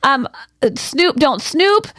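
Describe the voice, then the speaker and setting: A woman co-hosting a morning show, briskly reading listener notes and tips in casual chat. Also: high voice, lively intonation, fairly bright tone, no room sound, clean studio sound.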